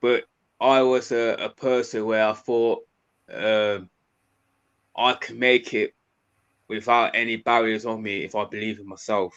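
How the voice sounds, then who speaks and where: A man with a Birmingham accent answering interview questions in a soft, hesitant way, with many pauses and fillers. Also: lowish voice, steady tone, smooth, highs cut off. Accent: Midlands English, Birmingham. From English Midlands. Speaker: interview guest, youth mentor.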